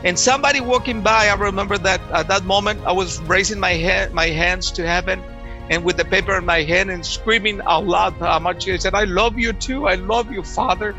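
A man telling his personal faith testimony, emotional and halting, often restarting his words. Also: sits high, fairly even intonation, bright, forceful tone, lo-fi sound, faint music behind.

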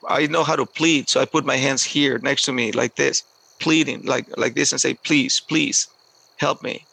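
A man telling a personal story aloud in a halting way, often repeating words and restarting. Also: medium pitch, steady tone, creaky, sharp tone, dry recording, low-quality recording.

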